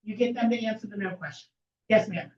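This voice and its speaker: A woman's voice: mid-range voice, brisk, darkish tone. A woman giving a persuasive presentation at a meeting, emphatic and fond of rhetorical questions. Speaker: speaker at a political meeting. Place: meeting hall. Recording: echoey room from far off, dull lo-fi.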